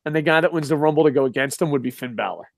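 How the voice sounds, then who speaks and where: A man's voice: fairly high pitch, rapid-fire, creaky, no echo, studio quality. A man co-hosting a casual wrestling talk show, ranting in a heated, profane way. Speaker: podcast co-host.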